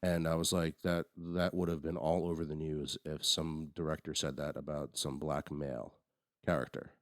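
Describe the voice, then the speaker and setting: Very deep-voiced man, rambling podcast chat. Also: little pitch movement, moderate pace, no room sound, studio quality. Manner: rambling, frequent restarts and fillers. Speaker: podcast co-host. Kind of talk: casual movie review chat.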